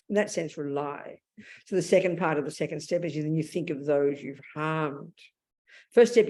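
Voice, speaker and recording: A Buddhist nun in her seventies, with a low and slightly mellow voice, gives a dharma talk. Her style is direct and unadorned; she keeps restarting sentences and brings inner thoughts to life by acting them out.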